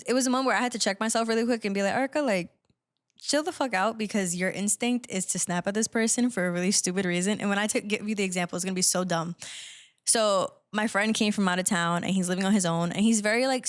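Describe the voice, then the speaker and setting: A woman hosting a casual podcast, chatting in an animated, storytelling way. Her pitch sits in the middle of the range, and "like" fillers crop up all through her talk. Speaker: podcast host.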